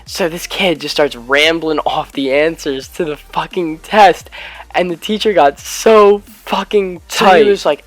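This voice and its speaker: Rambling teenage guy, somewhat high voice. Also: normal speed, no room sound, faint music behind. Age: late teens, high school student. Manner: rambling, heavy use of "like" fillers, casual swearing. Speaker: YouTube gaming vlogger. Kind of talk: casual storytelling vlog.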